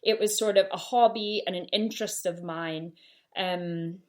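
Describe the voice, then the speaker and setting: A woman's voice: lowish voice, steady tone, measured pace. A woman in her thirties with a Canadian accent and a slight Glasgow twang, telling her own story on a solo podcast in a chatty, self-deprecating way. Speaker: podcast host.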